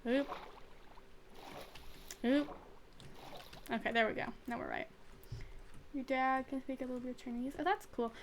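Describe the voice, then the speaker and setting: A woman's voice: high-pitched, fairly even intonation, normal speed, pauses often, slight background noise. A young woman streamer chatting casually and rambling with fillers while she plays a game. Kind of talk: casual chat while gaming.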